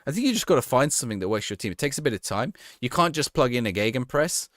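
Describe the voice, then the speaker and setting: Lively, chatty man streaming a game. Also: mid-range voice, very fast, no echo, clean studio sound. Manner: reads viewer questions aloud and answers offhand, often restarting sentences. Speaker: game streamer answering live chat. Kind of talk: casual chat.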